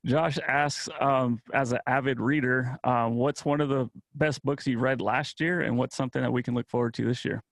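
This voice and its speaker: Host: laid-back man with a gravelly voice, reading listener questions. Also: medium pitch, fairly even intonation, normal speed, few pauses. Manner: laid-back, says "dude" a lot.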